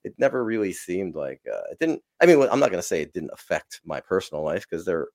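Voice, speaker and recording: A man's voice: low voice, sing-song, quick pace, darkish tone. A man who is a podcast guest, telling long, rambling, profanity-laced stories and laughing through them. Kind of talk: casual storytelling.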